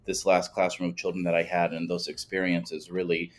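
A man's voice: deep voice, monotone, brisk. A man hosting a podcast from home. He is a former teacher and chats enthusiastically, agreeing often. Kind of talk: casual conversation. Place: at home with dogs nearby.

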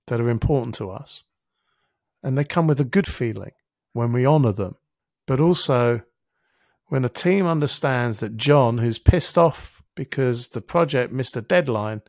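Middle-aged male podcast guest, gravelly and dry-miked, a lively storyteller who swears casually. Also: mid-range voice, no room sound. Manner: vivid storyteller who acts out his own inner voice, casual swearing. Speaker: interview guest, helps people with their thinking. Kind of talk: reflective storytelling in a podcast conversation.

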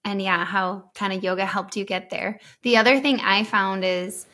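A woman's voice: medium pitch, steady tone, normal speed, pushed and bright. A woman hosting a podcast interview, chatting casually and encouraging her guest with enthusiastic affirmations. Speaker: podcast host.

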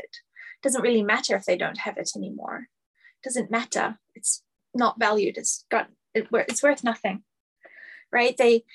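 A woman spiritual teacher giving a lecture, speaking earnestly and building her points through repeated phrases. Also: a little high.

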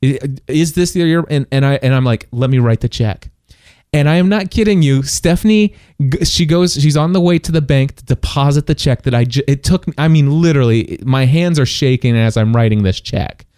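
A middle-aged man telling a personal story in casual chat, animated and full of restarts and quick laughs. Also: medium pitch, clean tone, no echo, studio quality.

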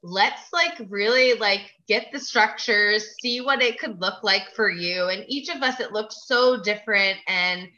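Woman, guest, bright tone, slightly high, dreamy, filler-heavy, dull lo-fi call audio. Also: measured pace, hardly any pauses. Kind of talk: casual chat.

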